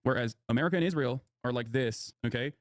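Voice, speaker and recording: A man's voice: medium pitch, no echo, clean studio sound. A young adult man streaming and reacting to news clips in casual, sarcastic, heated commentary, swearing freely. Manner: sarcastic, fast-talking, profane, heated. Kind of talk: casual live commentary while gaming.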